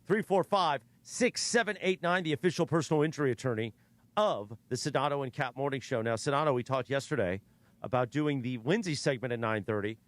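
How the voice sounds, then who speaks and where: A man on a sports radio show reading sponsor ads and running the rundown, brisk and matter-of-fact. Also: mid-range voice, no echo. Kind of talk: radio banter and ad reads.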